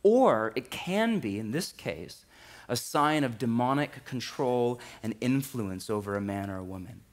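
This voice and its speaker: A man in his thirties preaching a sermon in a church, animated and lively, with humor. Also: mid-range voice, unhurried. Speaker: pastor. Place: church sanctuary.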